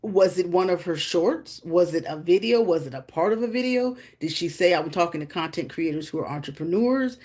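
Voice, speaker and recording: A rambling, chatty woman hosting a casual livestream. She has a fairly low voice that leaps into high, loud exclamations. She talks straight to her viewers and greets them by name. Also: expressive, brisk, few pauses. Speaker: livestream host.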